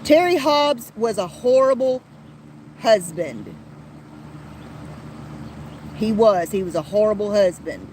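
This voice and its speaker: Slow, blunt woman podcaster. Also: mid-range voice, darkish tone, slight background noise, poor audio. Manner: blunt and heated, with frequent restarts and profanity. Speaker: podcast host. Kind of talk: casual commentary podcast.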